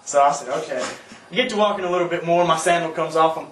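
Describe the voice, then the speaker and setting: Young Southern guy, high and bright, cussing and laughing through a story, far mic in echoey room. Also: rapid-fire. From South Carolina, US. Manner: animated, profane, laughs often, yelps in quoted outbursts. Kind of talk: casual anecdote among friends.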